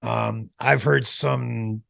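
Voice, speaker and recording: A man being interviewed as a former pro wrestler, telling stories in a lively way, acting out quotes and laughing as he goes. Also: mid-range voice, extremely slow, gravelly. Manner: animated storyteller who acts out quotes and laughs. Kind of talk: casual storytelling interview.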